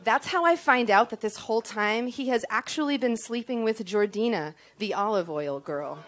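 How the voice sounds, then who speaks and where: A woman's voice: a little high, animated, moderate pace, few pauses, fairly bright tone. A young woman telling a comic personal story on stage to an audience, self-deprecating and full of ums.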